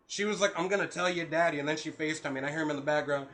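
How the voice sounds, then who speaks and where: A man's voice: on the high side, very fast, hardly any pauses. A young man in casual podcast chat, telling stories with a lot of swearing and acting out what people said. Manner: animated, profane, acts out quotes. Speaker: podcast co-host.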